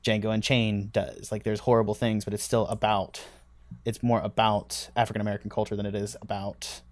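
A man's voice: lowish voice, little pitch movement, fairly quick, no echo. A man in a casual podcast chat, rambling and hedging his points with many restarts and the odd swear word. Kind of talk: casual podcast film discussion.

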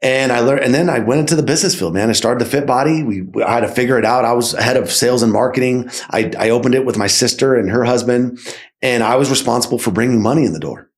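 A man, a podcast guest and sales company founder, telling his story in a casual, energetic way and often checking in with "right?". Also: mid-range voice, fast.

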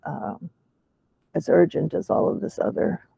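Husky, gravelly man with halting speech. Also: a little high, big pitch swings, lo-fi sound. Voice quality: weak, poorly closing vocal cords. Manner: halting, with restarts and clinical terms. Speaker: participant in a patient discussion. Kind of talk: casual chat.

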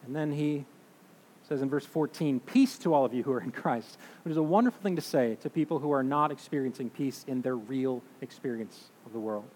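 A man in his thirties or forties preaching a sermon, emphatic, swinging between loud declarations and hushed, slow phrases. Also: mid-range voice, slight background noise. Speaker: pastor. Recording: long reverb of a large hall.

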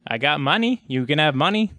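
A person playing a tabletop game, joking and animated with a lively, swinging pitch. The sound is dry and close, with no room echo. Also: brisk. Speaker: player. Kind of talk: casual tabletop play.

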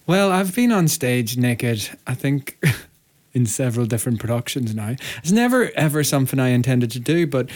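A man's voice: mid-range voice, very animated, normal speed, a little mellow. An Irish man co-hosting a podcast in casual chat, telling stories with a chatty, self-mocking manner and easy laughs. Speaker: podcast co-host, musical theatre performer.

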